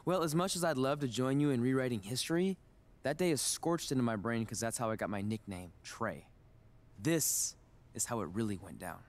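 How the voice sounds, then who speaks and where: A man's voice: mid-range voice, normal speed, close to an everyday voice. An actor voicing a nerdy, anxious teenage boy who loves wrestling, dry and self-deprecating.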